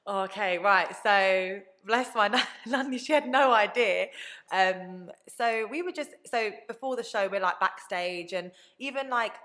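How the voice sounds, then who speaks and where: A woman's voice: medium pitch, a little slow. A woman in her twenties, a podcast guest telling stories in a casual chat, acting out what other people said. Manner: animated storytelling, acts out quoted people.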